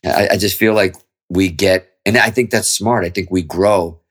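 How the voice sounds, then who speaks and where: A man's voice: low-pitched, steady tone, moderate pace, fairly bright tone. A middle-aged man, a guest guitarist in a casual interview chat, explaining his views at length with candid, freely swearing talk.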